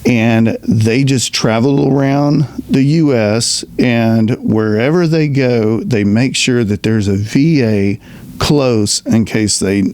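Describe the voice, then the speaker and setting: A middle-aged man, a retired veterans' representative, speaking earnestly in a halting personal monologue full of restarts. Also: medium pitch, darkish tone, no room sound. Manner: earnest, halting storyteller with many restarts and fillers.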